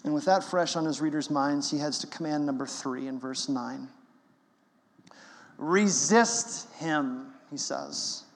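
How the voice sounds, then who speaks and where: A man's voice: a little high, flat delivery, moderate pace, creaky, few pauses, big-room sound. A man preaching a sermon as pastor, emphatic and conversational.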